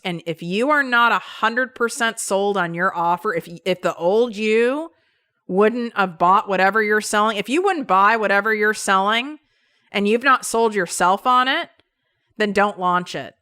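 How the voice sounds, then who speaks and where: A woman's voice: medium pitch, measured pace, pushed and bright, clean tone, no echo, clean studio sound. A woman hosting a solo business-coaching podcast, talking emphatically and bluntly in a casual way, with some swearing. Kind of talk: solo motivational podcast talk.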